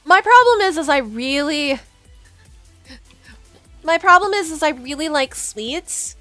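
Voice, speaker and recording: A woman's voice: high voice, takes it slowly, long pauses, pushed and bright, dry recording, soft background music. A young adult woman streamer chatting casually to her viewers, giggly and rambling, often restarting her sentences. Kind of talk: casual livestream chat with chat.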